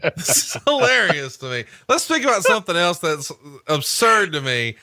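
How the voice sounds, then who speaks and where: Bright-voiced joking man podcast host. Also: fairly high pitch, sing-song, moderate pace, no room sound, clean studio sound. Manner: profane, teasing, reads book quotes aloud. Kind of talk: casual podcast chat.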